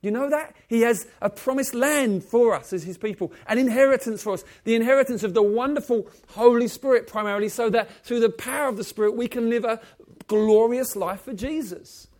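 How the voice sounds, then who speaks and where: A man preaching a sermon, swinging from loud exclaiming passages to soft, low, intimate ones and asking the congregation questions. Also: a little fast. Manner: asks the congregation direct questions.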